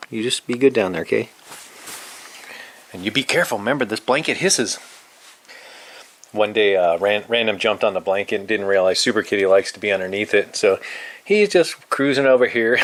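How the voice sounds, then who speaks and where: Man softly sweet-talking his cats. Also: lowish voice. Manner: affectionate pet talk, teasing and coaxing; soft, murmured, sometimes whispered. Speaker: cat owner filming his pets. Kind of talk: casual talk to pets. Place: indoors at home.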